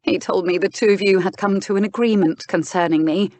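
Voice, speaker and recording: A woman's voice: mid-range voice, brisk, a little mellow, no echo, close to an everyday voice. Woman narrator voicing a distraught young actress. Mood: hushed. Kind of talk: audiobook dialogue reading.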